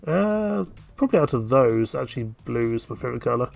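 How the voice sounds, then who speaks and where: Gravelly-voiced joking streamer man. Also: mid-range voice, very animated, brisk, a little mellow, soft background music. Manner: joking, self-deprecating. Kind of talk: casual gameplay commentary.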